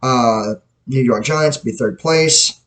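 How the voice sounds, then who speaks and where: Taking his time, a man with a mid-range, slightly bright voice speaks on a rough recording. As host of his self-produced podcast, he talks into his mic with blunt sports opinions, rambling casually and frequently correcting himself.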